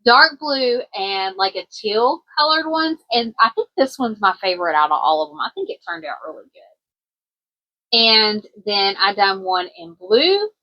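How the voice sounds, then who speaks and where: Her medium-pitched voice has a sing-song lilt and moves a little slowly over lo-fi sound. She's a woman from Kentucky, USA, twangy and country, showing off crafts in a relaxed vlog for her small business while rambling and saying um a lot.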